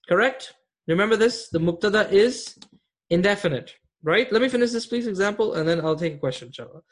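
A man teaching an online Arabic grammar class, explaining patiently and often checking that students follow. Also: sits high.

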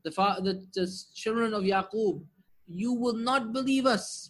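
A man's voice: high-pitched, unhurried, fairly bright tone. A man teaching Arabic grammar in an online class, explaining patiently, asking the class rhetorical questions and reciting Quranic verses fluently between his English explanations. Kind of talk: online lesson with shared screen.

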